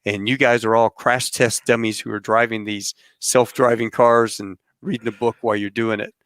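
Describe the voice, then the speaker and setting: A male podcast host signing off his guests and telling a rambling, animated travel story. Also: medium pitch, moderate pace, no room sound, clean studio sound. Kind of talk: casual interview sign-off and storytelling.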